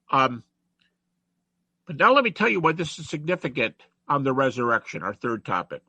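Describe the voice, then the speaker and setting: A man giving an online lecture, animated and chatty, reciting rhymes and quotes as he teaches over a video call. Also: mid-range voice, husky, dry recording, lo-fi sound.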